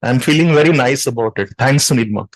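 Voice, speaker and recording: A man giving an emotional speech at a community event, earnest and halting, with many fillers and restarts. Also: medium pitch, rough recording. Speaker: guest speaker.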